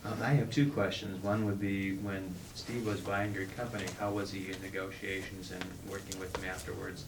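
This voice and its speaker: Male audience member, low flat voice, measured questions, picked up far from the mic with room noise. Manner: measured, posing two questions in turn. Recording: distant in an echoey room with clear background noise.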